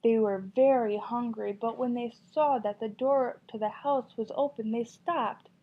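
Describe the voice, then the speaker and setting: A woman's voice: on the high side, fairly even intonation, a little slow. A woman teacher reading a children's story aloud with expression, then asking a class encouraging questions about it. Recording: dull lo-fi recording.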